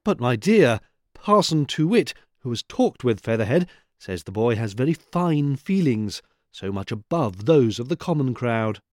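A man's voice: mid-range voice, sing-song, unhurried, a little mellow, no room sound, studio quality. A man voicing a doting, tearful mother squirrel who gushes and pleads, in a storybook reading. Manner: gushing, pleading.

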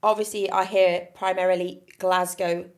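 A woman's voice: on the low side, normal speed. A young woman with an English accent, co-hosting a casual podcast chat and acting out stories in quoted voices. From England. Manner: animated storyteller who acts out quoted voices. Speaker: podcast co-host.

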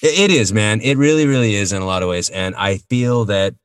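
A man's voice: on the low side, fairly quick, clear, resonant tone, dry recording. A man co-hosting a podcast in casual chat, friendly and enthusiastic. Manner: friendly, enthusiastic, laughs easily. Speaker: podcast co-host.

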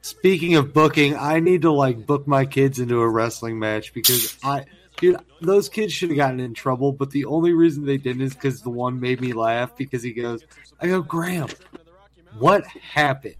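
A man's voice: medium pitch, normal speed. A man co-hosting a podcast, telling an anecdote and acting out the dialogue in casual chat. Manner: animated storyteller acting out dialogue. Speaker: podcast co-host and parent.

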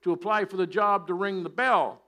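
A man's voice: high voice, steady tone, moderate pace, bright, forceful tone. A man voicing an eager, determined man applying to be a church bell ringer, in a matter-of-fact, reassuring way.

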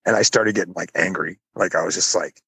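A man co-hosting a casual podcast, telling stories with swearing and voicing other people in loud, high bursts. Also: fairly quick, vocal fry, slightly rough, no echo. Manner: swearing, animated, jumps high when quoting people. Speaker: podcast co-host. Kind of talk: casual chat, storytelling.

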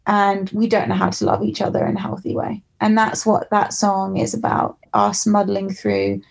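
Brief: young English woman, musician guest, candid and reflective, a slight gravel in the voice. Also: medium pitch, very animated, moderate pace. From England. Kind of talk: candid storytelling interview.

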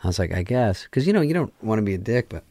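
A man's voice: on the low side, racing, no room sound, studio quality. A man, a film director on as a guest, telling a long story in a casual interview, swearing a lot and acting out the lines of the people in it. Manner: animated, profane, acts out quoted dialogue.

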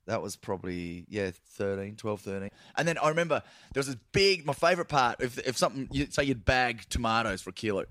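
A man, a podcast guest telling loose, animated anecdotes in casual chat. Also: mid-range voice, fast talker, few pauses, no echo, studio quality.

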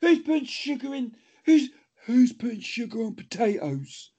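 A man's voice: very high-pitched, big pitch swings, normal speed, dark tone, husky. A man, co-hosting a podcast and trading silly jokes in casual chat. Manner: silly, jokey banter. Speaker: podcast co-host. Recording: dull lo-fi audio.

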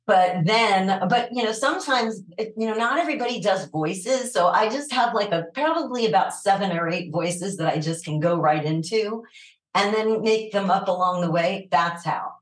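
A woman with a New York accent and a low, raspy voice, chatting animatedly as an interview guest and laughing often. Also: moderate pace, reverberant, poor audio. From New York City. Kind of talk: casual interview chat.

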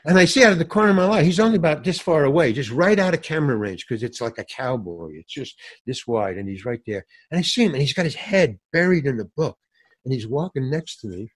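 A man's voice: mid-range voice, quick pace, breathy edge. An older man telling an anecdote in an interview, acting out the people in it, laughing as he talks and swearing casually. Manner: lively storyteller, mimics others, laughs mid-sentence, swears casually. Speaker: guest actor telling a story. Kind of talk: animated anecdote with acted-out quotes.

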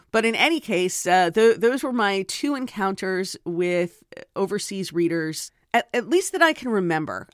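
A woman's voice: fairly low pitch, no echo. Chatty woman podcast host, dry sound. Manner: chatty, digressive, self-deprecating. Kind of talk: casual storytelling monologue.

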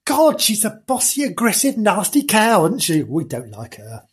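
A man's voice: high voice, wildly swooping pitch, normal speed, slightly rough. A man reading a comic animal story aloud, breaking off into playful, giggly asides to the listener.

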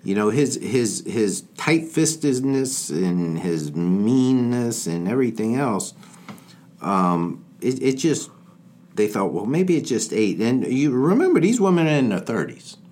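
A man's voice: medium pitch, a little slow. A man co-hosting a true-crime podcast, rambling through the story with jokes. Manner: rambling, jokey, lively storyteller. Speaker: podcast co-host.

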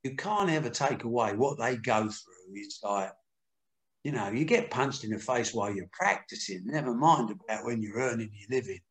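A man's voice: mid-range voice, animated, normal speed, reverberant. Older male guest, candid storyteller, plain mid-range voice. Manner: candid, earthy, acts out quotes. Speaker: boxing promoter. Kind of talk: anecdotal interview storytelling.

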